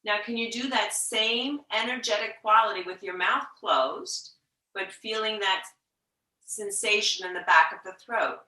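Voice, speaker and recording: Woman yoga teacher, bright clear voice, gentle unhurried guidance, echoey room a little off-mic. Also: mid-range voice, far from the mic. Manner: slow, gentle guiding with soft whispered breath demos. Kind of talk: guided yoga instruction.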